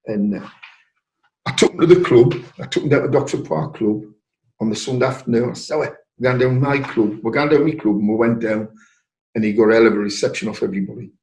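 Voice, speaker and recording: An older man with a North East English accent, telling a personal story in an interview and lively when acting out quoted voices. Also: mid-range voice, fast. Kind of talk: anecdotal storytelling. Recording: roomy echo.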